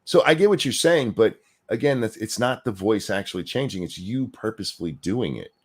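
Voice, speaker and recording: A man's voice: fairly low pitch, lively intonation, brisk, a little mellow, husky. A man co-hosting a casual political chat stream, ranting with profanity and sarcasm and reading chat comments aloud. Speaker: co-host.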